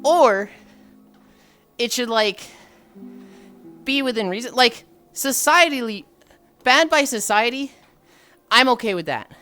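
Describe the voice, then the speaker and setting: A woman's voice: medium pitch, a bit bright. A woman streamer chatting casually, thinking aloud with frequent sighs and reading chat aloud. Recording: faint music behind.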